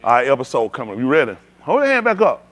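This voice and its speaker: A man's voice: medium pitch, huge pitch swings, fast, fairly bright tone. A man hosting a playful trivia game with a room of people, teasing and calling on them by name. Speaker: host leading a group trivia game. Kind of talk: lively group banter.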